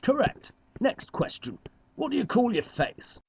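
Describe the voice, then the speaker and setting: A performer voicing a stiff male quiz show presenter in an amateur cartoon, with a formal, measured delivery. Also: mid-range voice, sing-song, gravelly, darkish tone, slightly rough, no room sound, highs cut off, pitched above the performer's own voice, full character voice.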